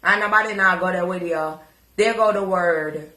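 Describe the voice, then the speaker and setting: A woman's voice: lowish voice, normal speed, pushed and bright, echoey room. A woman giving crude, taunting reaction commentary and repeating words to mock someone. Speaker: commentary vlogger.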